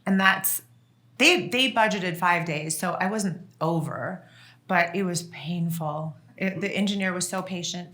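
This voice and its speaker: A middle-aged woman tells family stories casually to a listening room. Her voice is bright and clear, and she laughs often and restarts her sentences. Her tone stays chatty and relaxed throughout. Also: on the low side, a little slow. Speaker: author and guest speaker. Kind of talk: casual storytelling to an audience.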